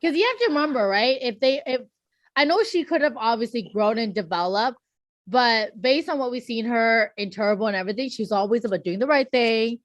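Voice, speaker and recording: A woman's voice: a little high, animated, a little fast, no room sound. A woman co-hosting a casual fan discussion podcast, speaking in an emphatic, playful way. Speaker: podcast co-host.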